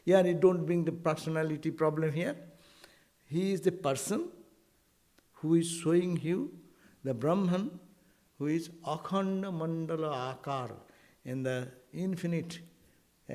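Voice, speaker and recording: A man giving an informal spiritual talk to devotees, animated and full of rhetorical asides. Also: a little high, a little slow. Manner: animated, rhetorical asides, quotes Sanskrit verses.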